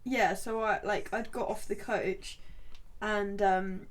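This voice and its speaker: A woman's voice: mid-range voice, fairly even intonation, slow pace. A woman co-hosting a podcast in casual chat, telling stories, swearing often and laughing. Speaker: podcast co-host.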